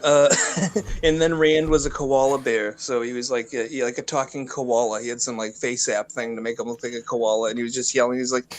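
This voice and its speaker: A man's voice: mid-range voice, fairly even intonation, fairly quick. Hesitant man chatting on a call. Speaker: guest on a stream call. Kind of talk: casual chat.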